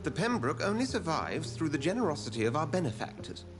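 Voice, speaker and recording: An actor playing a polite, genteel hospital director who speaks in a courtly way. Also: male voice, a little high, fast. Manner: polite, courtly, animated speech. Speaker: game character. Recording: game audio with music behind.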